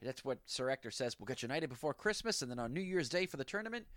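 A man's voice: mid-range voice, big pitch swings, fast, a bit bright, dry recording. A man co-hosting a casual chat, eagerly retelling film scenes. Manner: enthusiastic storyteller, retells scenes. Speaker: podcast co-host.

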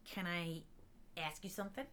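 A woman co-hosting a casual chat, asking gentle, hesitant questions. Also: fairly low pitch, moderate pace. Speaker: podcast co-host.

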